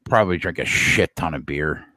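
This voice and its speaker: A man's voice: rumbling low, moderate pace, bright, forceful tone, no echo. A man co-hosting a podcast, chatting bluntly with swearing and mock-dramatic outbursts. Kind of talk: casual chat.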